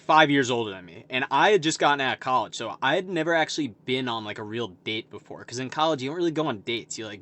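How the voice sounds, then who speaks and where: A man's voice: mid-range voice, a bit bright. A man in his late twenties telling a personal story in a rambling, self-deprecating way. He fills his speech with lots of "like" fillers. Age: late 20s. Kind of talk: casual storytelling to camera.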